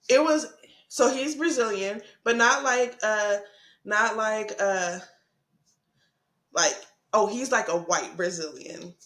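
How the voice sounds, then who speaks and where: A young woman telling a story in casual podcast chat, animated, laughing often and acting out what people said. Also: medium pitch, slow pace, long pauses, roomy sound. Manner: animated, laughing, swearing, acts out quotes. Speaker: podcast co-host.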